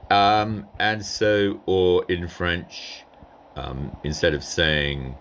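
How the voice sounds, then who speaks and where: A man's voice: deep voice, takes it slowly, fairly bright tone, a little hiss or hum. A man casually commenting over a recording of a strategy game, rambling and hesitant with many ums and asides. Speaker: gameplay commentator.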